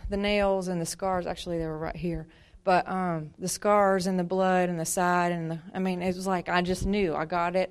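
Smooth-voiced woman giving rambling testimony. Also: lowish voice. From Montana. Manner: rambling and conversational, with many fillers and acted-out asides. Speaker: speaker sharing her faith testimony. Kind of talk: casual spoken testimony to a church audience.

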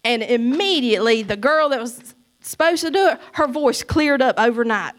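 A middle-aged woman giving a church testimony, emphatic and preachy, swinging between loud cries and soft asides. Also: a little high, animated, normal speed.

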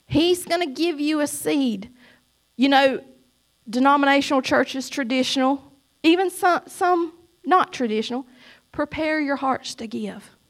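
A middle-aged woman giving a church testimony, emphatic and preachy, swinging between loud cries and soft asides. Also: high voice, gravelly.

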